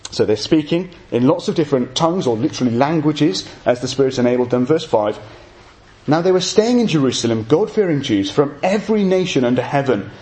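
A man's voice: a little high, expressive, a little fast, darkish tone. A man preaching an evening sermon, explaining scripture with jokey asides to his congregation.

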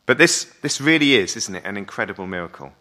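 A man's voice: fairly low pitch, expressive, fast talker, sharp tone. A man preaching a sermon in a conversational way, often asking his listeners rhetorical questions.

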